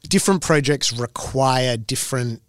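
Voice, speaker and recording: A male musician in casual conversation, thinking aloud and circling back as he goes. His pitch is an ordinary middle, and the recording is close and dry with almost no room sound. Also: normal speed, no echo. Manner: rambling, self-correcting and thoughtful. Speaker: singer-songwriter guest. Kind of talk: casual interview chat.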